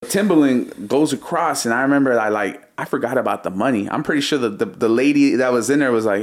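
A man in his thirties, a music producer as interview guest, telling a story in a slangy, animated way and acting out what he said back then. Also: medium pitch, fairly quick.

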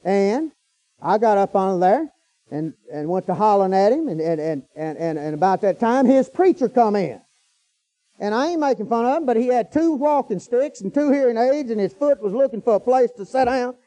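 A man's voice: sits high, expressive, moderate pace, warm tone. A middle-aged man preaching a storytelling sermon in a folksy, colloquial way, breaking into hallelujahs.

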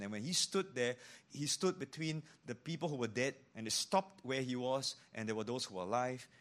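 A man preaching a sermon as pastor, animated, dropping to hushed tones for emphasis and acting out the voices he quotes. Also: medium pitch, normal speed.

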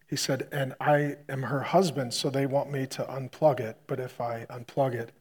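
A male pastor preaching, retelling a hospital story with loud punchy bursts that drop to a quiet hush. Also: medium pitch, fairly even intonation, moderate pace, breathy edge. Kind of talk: sermon storytelling.

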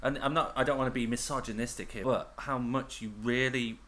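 A man's voice: mid-range voice, steady tone, brisk, fairly bright tone. A man co-hosting a podcast, trading teasing, jokey quips. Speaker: podcast co-host. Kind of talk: casual chat.

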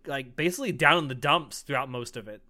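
Bright, smooth-voiced man chatting casually. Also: medium pitch, quick pace. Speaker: podcast co-host. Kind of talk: casual chat recapping a film.

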